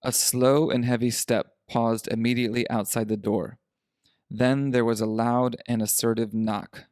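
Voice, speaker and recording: A man reading a classic story aloud for English learners, in a clear, measured way. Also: medium pitch, flat delivery, darkish tone, dry recording, studio quality.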